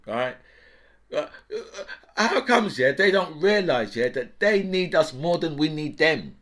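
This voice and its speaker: A man's voice: a little high, very animated, takes it slowly, fairly bright tone. A middle-aged man giving an indignant, mocking political rant, tagging lines with "right?" and "yeah". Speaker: political commentator. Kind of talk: ranting political monologue.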